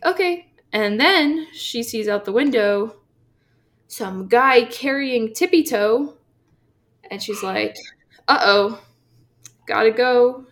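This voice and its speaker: A woman co-hosting a podcast, casually retelling a comic book story with lots of fillers and quick acted-out quotes. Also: medium pitch, gravelly. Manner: chatty, filler-heavy, acts out quotes. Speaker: podcast co-host.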